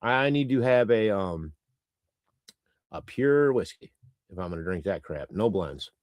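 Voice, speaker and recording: A man's voice: on the low side, very animated, unhurried, no echo. A man hosting a live stream, chatting loosely and reading out viewer comments in a rambling, irreverent way with casual swearing. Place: lives in Canada.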